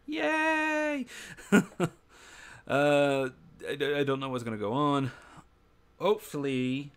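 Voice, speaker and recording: A man's voice: medium pitch, smooth. A man running an online tabletop role-playing game on stream, talking casually with fillers and frequent laughs. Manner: relaxed, laughs often, trails off with fillers. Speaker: game master.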